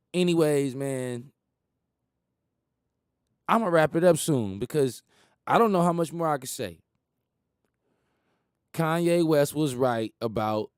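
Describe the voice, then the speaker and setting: A man's voice: a little high, darkish tone, dry recording, clean studio sound. A man hosting a talk radio show, delivering an emphatic, profane, preachy monologue. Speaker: host.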